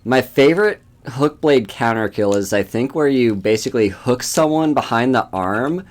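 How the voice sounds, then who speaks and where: Streaming a game, a man chats casually and laughs often while he plays. His mid-range voice is animated and moves at normal speed.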